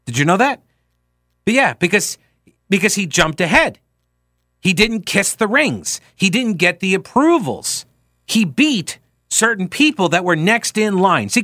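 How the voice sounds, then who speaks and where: A man hosting a political talk radio show, commenting with mocking, wry sarcasm and lively interjections. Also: high-pitched, no room sound, studio quality.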